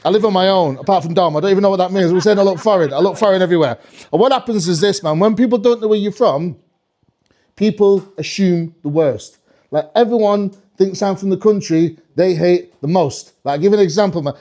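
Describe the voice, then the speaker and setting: A man from the UK performing a live stand-up comedy set, animated and swearing, with a stage mic in a comedy club. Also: high voice, quick pace. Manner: animated, swearing, slips into mock French voices.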